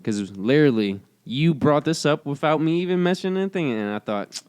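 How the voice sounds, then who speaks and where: A man's voice: fairly high pitch, lively intonation, fast, a little mellow, clean tone, dry recording. A man co-hosting a casual podcast, explaining a topic earnestly with frequent restarts. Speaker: podcast co-host. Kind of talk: casual chat.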